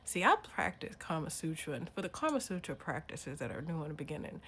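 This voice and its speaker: A woman in a casual rant to camera, blunt and profane, dropping to muttered asides and then bursting out loud. She talks like a spiritual reader. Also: sits low, very animated, quick pace, slight background noise.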